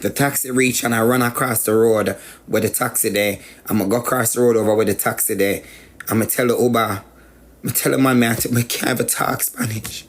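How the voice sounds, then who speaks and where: A man's voice: mid-range voice, steady tone, brisk, slight background noise. A man with a Jamaican accent tells a personal story as a guest, repeating phrases for emphasis. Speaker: guest sharing life story.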